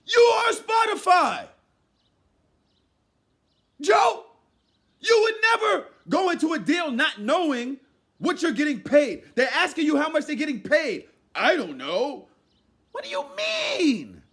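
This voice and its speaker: High, animated man ranting loudly. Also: unhurried, long pauses. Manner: loud, exasperated, often shouting, mock-quoting others. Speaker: commentary vlogger. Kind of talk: animated rant commentary.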